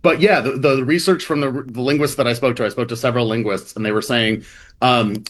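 A man's voice: medium pitch, fairly even intonation, a little fast, a little hiss or hum. A man, a reporter, explaining his story in a rambling, casual interview manner with many restarts. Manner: rambling, restarts, acts out quoted voices.

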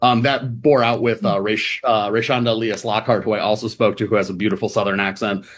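A man's voice: lowish voice, fairly even intonation, fairly quick. Chatty midwestern man on a radio interview. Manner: chatty, lots of fillers and "like". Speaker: reporter guest.

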